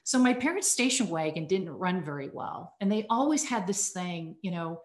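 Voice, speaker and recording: A woman from the United States with a fairly low voice, recounting a childhood memory to her hosts in an earnest and animated way. Her voice carries noticeable echo from a roomy space. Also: moderate pace. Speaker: podcast guest, communications executive. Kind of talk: casual storytelling interview. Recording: echoey room.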